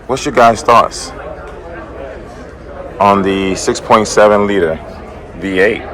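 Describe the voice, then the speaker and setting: A man from the American South, hoarse, hosting a car vlog in an upbeat, chatty way that speaks straight to his viewers. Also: lowish voice, takes it slowly, fairly bright tone. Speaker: car channel host. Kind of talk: casual vlog talk to camera. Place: conference room at a car event.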